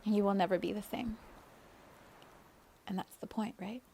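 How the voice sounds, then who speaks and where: A woman hosting a spiritual podcast, talking in a gentle, flowing way and laughing often. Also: mid-range voice, steady tone, moderate pace, creaky, a little hiss or hum. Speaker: podcast host, spiritual guide.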